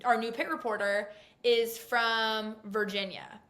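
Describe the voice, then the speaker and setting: Young woman guest, bright, excitable, chatty racing reporter. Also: a little high. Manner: excitable, fast-talking storyteller. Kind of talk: casual chat.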